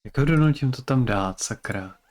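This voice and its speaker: A young adult man streaming a game, muttering and thinking out loud as he plays. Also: medium pitch, lively intonation, a little fast. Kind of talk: casual game commentary.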